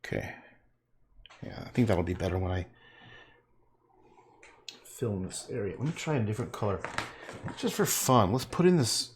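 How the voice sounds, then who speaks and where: A middle-aged man chatting casually and gruffly while he paints on a livestream, swearing and laughing often. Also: on the low side, sing-song, moderate pace, pauses often, a little hiss or hum.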